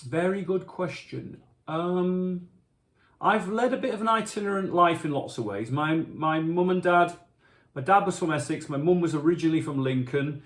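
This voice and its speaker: Man, middle-aged, chatty musician storyteller; slightly higher voice, reverberant room. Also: normal speed. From Yorkshire, England. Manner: chatty, self-deprecating, animated when telling stories. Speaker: musician answering fan questions. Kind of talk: casual anecdotal storytelling. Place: home kitchen.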